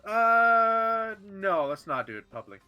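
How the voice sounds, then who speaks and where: Guy running a tabletop game, sharp bright voice, rambly, faint music. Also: high voice, very animated, slow, clean tone, dull audio. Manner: rambling, filler-heavy narration. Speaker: game master.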